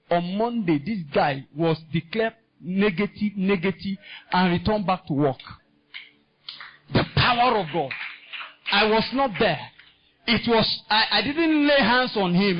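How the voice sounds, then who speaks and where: A man preaching a sermon in a Nigerian English accent, impassioned and climbing into shouts. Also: sits high. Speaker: pastor. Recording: dull lo-fi sound.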